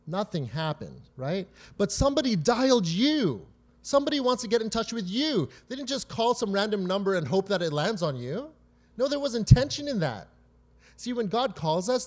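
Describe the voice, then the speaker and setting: A man preaching a conversational sermon, often checking in with "right?" and "you know?" and drawing on his own family stories. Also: sits high. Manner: tells personal family stories to make points.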